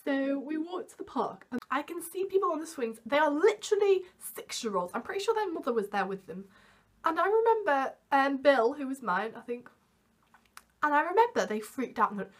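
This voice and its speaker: Lively young woman telling a story. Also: high-pitched, fairly quick. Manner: animated storytelling, acts out quoted voices. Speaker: vlogger. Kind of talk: storytime vlog.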